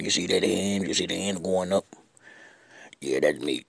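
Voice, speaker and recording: A man's voice: deep voice, moderate pace, creaky, slightly rough, dry recording. A man calling in and chatting casually in a sing-song, rhyming way.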